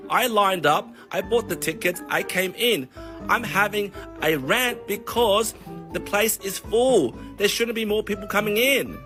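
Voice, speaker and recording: A man on a comedic, profane rant, telling a long analogy in an animated way. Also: high-pitched, measured pace, soft background music. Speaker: vlogger.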